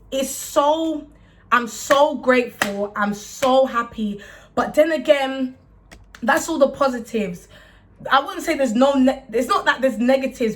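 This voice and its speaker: A young woman talks openly to the camera in a casual, rambling way. She often restarts her sentences and fills gaps with small words. Her voice sits a little high. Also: a bit bright, a little hiss or hum. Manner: fast, rambling, with many restarts and fillers. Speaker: music artist talking to camera. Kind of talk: candid casual talk to camera. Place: indoors, warm room.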